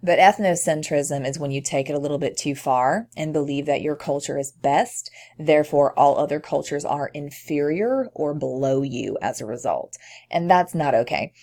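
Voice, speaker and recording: Low-voiced woman with a Tennessee accent. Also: darkish tone. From southern United States. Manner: conversational, with frequent ums. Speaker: teacher. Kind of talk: recorded lecture screencast.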